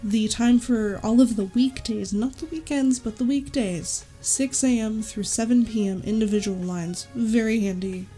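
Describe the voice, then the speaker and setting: Chatty woman with a mellow voice. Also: fairly high pitch, normal speed, hardly any pauses, faint music behind. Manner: chatty, enthusiastic, self-correcting asides. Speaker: YouTube creator. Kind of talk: casual product recommendation vlog.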